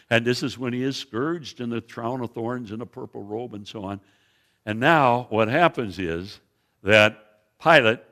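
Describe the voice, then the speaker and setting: This sermon comes from a visiting Bible teacher who brings scripture stories to life in a church sanctuary. He speaks at medium pitch with a slightly bright tone, often starting his phrases over and pointing at slides.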